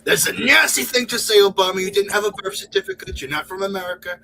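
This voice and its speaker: A man's voice: high voice, expressive, fast talker, creaky, sharp tone, faint music behind, voice pushed up, full character voice. A man putting on the voice of a brash older male politician who mocks a rival, with exaggerated, jeering delivery. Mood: mocking.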